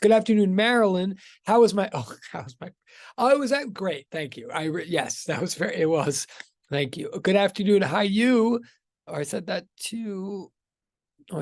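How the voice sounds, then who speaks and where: Rambling male physics teacher on a video call, gravelly, dry close sound. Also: sits high, no echo. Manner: rambling, self-interrupting, chatty. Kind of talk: casual online class intro.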